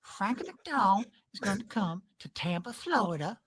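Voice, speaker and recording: A woman's voice: medium pitch, expressive, moderate pace, husky. A woman voicing a foul-mouthed, hot-tempered man who rants and threatens, referring to himself in the third person. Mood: aggrieved rant. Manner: threatening, profane, ranting.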